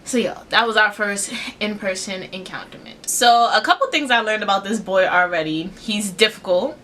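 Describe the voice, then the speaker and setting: Young woman vlogger, bright voice, animated slangy storytelling, faint hiss behind. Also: moderate pace. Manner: animated, acts out quotes with big pitch jumps. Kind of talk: casual storytime.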